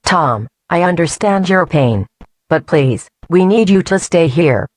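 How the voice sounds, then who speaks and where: A woman's voice: lowish voice, expressive, a little slow, darkish tone. A woman playing a composed, guarded hospital staff member in an amateur audio drama. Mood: firm.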